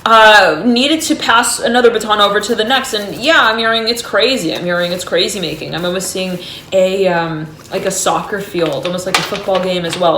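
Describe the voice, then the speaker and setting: A woman reads tarot cards aloud with a rambling, start-and-stop delivery, often breaking off to say what she is "hearing." Her voice sits at an ordinary middle pitch. The room gives it a noticeable echo. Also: fairly bright tone, slight background noise. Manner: halting and meandering, repeats "I'm hearing" between cards. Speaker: tarot reader and astrologer. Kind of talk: intuitive tarot reading. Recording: roomy echo.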